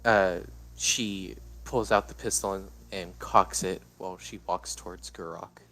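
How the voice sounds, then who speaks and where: Deep-voiced male storyteller. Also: fairly even intonation, a little slow, a bit bright, poor audio. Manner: plain narration with filler "uh". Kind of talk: live narrated story.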